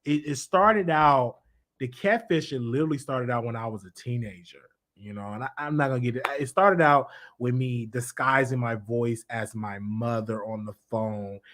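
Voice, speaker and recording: A man hosting a live call-in show, talking casually and animatedly, often restarting and repeating his phrases. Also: mid-range voice. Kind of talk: casual live-stream chat with callers.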